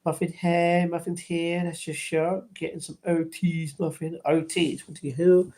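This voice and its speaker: A man's voice: a little high, flat delivery, moderate pace, warm tone. A man livestreaming from home, chatting casually and answering viewers' chat messages aloud, sometimes a bit defensive. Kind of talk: casual live-stream chat.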